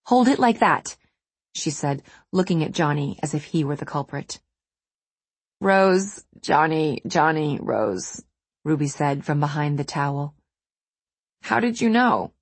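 A woman narrating an audiobook in a measured, even reading manner. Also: low-pitched, breathy edge, no echo. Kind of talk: scripted narration.

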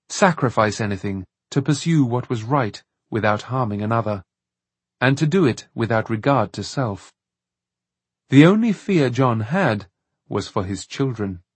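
A man narrates an audiobook in a measured, even reading. His voice is husky and mid-pitched. The recording is dry and close. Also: no echo. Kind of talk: scripted narration.

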